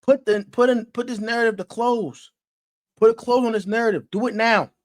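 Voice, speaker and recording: A man's voice: extremely high pitch, fairly even intonation, brisk. A man ranting about football in casual slang, emphatic and repetitive. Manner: emphatic, repetitive, gets louder as he goes. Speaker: sports commentator. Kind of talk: casual sports rant.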